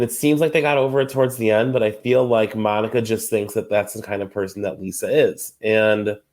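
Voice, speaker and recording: A man's voice: fairly low pitch, darkish tone. A young adult man hosting a casual recap podcast, gossipy and chatty, often laughing and acting out quotes. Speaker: podcast host.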